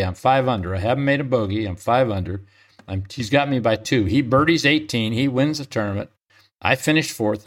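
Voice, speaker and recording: An older man telling golf stories in an easy, chuckling way, his voice sitting in the middle range with plain tone. He talks in loose runs, restarting phrases and laughing softly between them, into a close mic in a quiet room. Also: mid-range voice. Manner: chatty, chuckles often, restarts mid-sentence. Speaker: interview guest, retired pro golfer. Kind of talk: relaxed storytelling.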